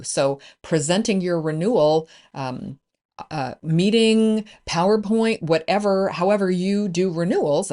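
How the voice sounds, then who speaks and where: A woman's voice: fairly low pitch, darkish tone. A woman business coach hosting a solo podcast, upbeat and encouraging in a conversational way.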